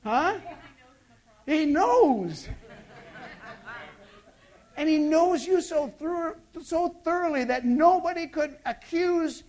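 A pastor delivering a sermon, moving from loud emphatic bursts to hushed intimate asides and asking the congregation rhetorical questions. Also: very high-pitched, measured pace, few pauses.

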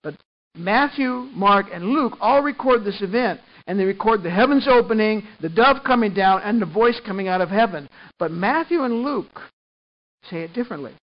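A pastor preaches a sermon in an animated way, moving between hushed tones and loud emphasis and frequently repeating words. His voice is high-pitched at a moderate pace, and the recording's highs are cut off.

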